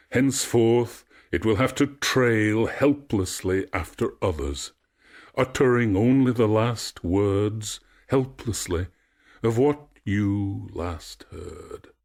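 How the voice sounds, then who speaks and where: A man's voice: fairly low pitch, lively intonation, slow, a little mellow, voice pushed up. A man voicing a furious queen goddess who pronounces a curse in a stern, wrathful tone.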